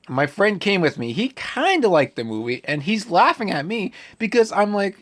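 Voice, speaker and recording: Guy reviewing a movie on his channel, pitch all over the place, fed up and ranting. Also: slow, long pauses. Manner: animated, exasperated ranting. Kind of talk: casual vlog movie review.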